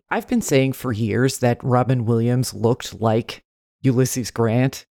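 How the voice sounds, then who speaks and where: A man's voice: mid-range voice, a little mellow, no echo, studio quality. A man co-hosting a podcast in casual chat, musing and understated. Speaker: podcast co-host.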